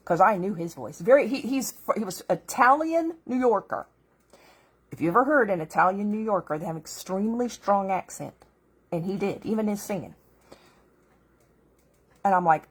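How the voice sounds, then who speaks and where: Husky-voiced woman sharing a faith story. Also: medium pitch, expressive, moderate pace. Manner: earnest, heartfelt storytelling with restarts. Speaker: vlogger. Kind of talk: personal faith testimony.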